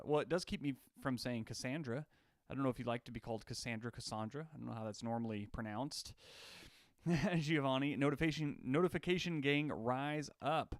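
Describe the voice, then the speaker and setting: A young man from Alaska chats casually on a live stream, joking and greeting viewers by name. His voice sits in an ordinary middle pitch. The sound is dry and close, with no room around it. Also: dry recording. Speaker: livestream host. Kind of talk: casual livestream chat. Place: on his home deck.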